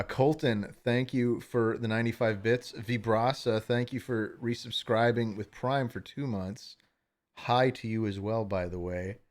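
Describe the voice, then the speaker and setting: A man hosting a live stream, chatting casually with viewers in a rambling, self-deprecating way. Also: fairly low pitch.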